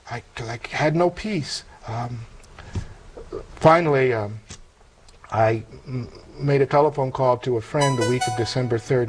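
A middle-aged man earnestly telling a personal spiritual testimony in an interview, halting and emotional, with many pauses and fillers. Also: medium pitch, low-quality recording. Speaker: interview guest.

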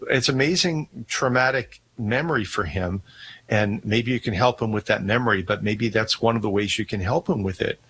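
A man co-hosting a religious call-in radio show, explaining things calmly. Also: on the low side, moderate pace, breathy edge. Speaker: radio co-host.

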